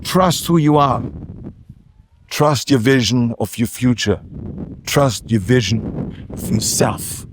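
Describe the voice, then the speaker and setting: A man's voice: medium pitch, slow, long pauses, slight background noise. An older man with a German accent, a native German speaker, giving an emphatic ceremonial speech with self-mocking humor. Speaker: guest speaker. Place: outdoor ceremony.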